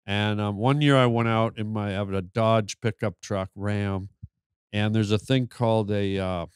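A man telling a long story on a podcast, animated and full of stammered restarts. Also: fairly low pitch, normal speed, clear, resonant tone, no room sound, studio quality. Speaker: podcast guest. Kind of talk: storytelling in casual chat.

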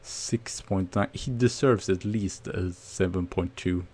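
A man streaming a football management game, commenting casually on each play with nervous excitement and sudden shouts. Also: low-pitched, slow. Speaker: gaming streamer.

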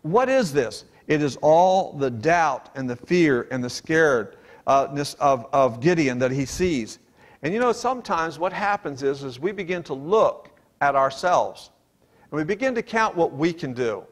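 Earnest high-voiced man preaching a sermon. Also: animated, a little slow. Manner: earnest, emphatic, dramatizes scripture paraphrases; reads King James verses aloud and explains them.

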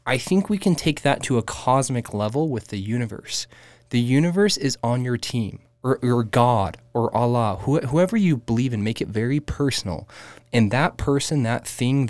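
A man's voice: medium pitch, normal speed, no room sound. Chill guy on a podcast, talks loose and casual, mid voice, dead dry mic. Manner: relaxed, says "dude" and "like" a lot. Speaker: podcast co-host. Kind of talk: casual spiritual chat.

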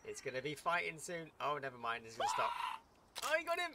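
Man, let's-play commentator, lively chatter, slightly high voice, noisy recording. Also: quick pace. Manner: excitable, chattering, cheering the game on. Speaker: gaming YouTuber. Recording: loud background noise.

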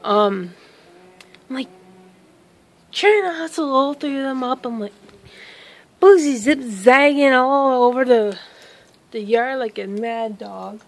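A woman's voice: sits high, lively intonation, slow pace, long pauses, rough recording. A woman vlogger telling a story in a casual, rambling way, outdoors in a yard and filming on a phone she holds herself, with lots of exclamations and self-interruptions.

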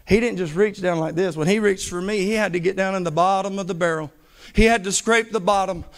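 A man's voice: high-pitched, clear, resonant tone. A man preaching a fervent sermon, building emphasis through repetition. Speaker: pastor.

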